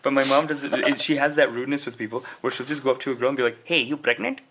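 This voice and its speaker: A man co-hosting a comedy podcast, riffing quickly and mimicking relatives' voices. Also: mid-range voice, fairly even intonation, very noisy. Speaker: podcast co-host.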